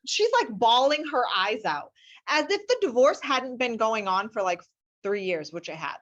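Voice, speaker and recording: A woman family law attorney telling lively anecdotes as an interview guest, often acting out what people said. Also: on the high side, normal speed, muffled recording. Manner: animated, acts out quotes with shifting voices.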